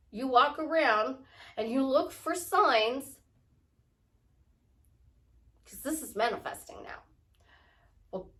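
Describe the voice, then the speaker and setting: A woman life coach talking casually to her viewers about prayer, rambling and acting out little dialogues. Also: mid-range voice. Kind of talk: casual spiritual talk to camera.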